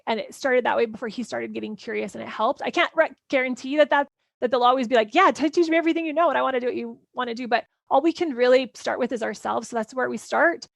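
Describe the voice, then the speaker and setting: A woman's voice: high voice, vocal fry, no echo. A woman hosting a parenting workshop and answering listener questions in an earnest, encouraging way. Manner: earnest and encouraging, quick run-on phrasing with "like". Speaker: parenting coach and podcast host.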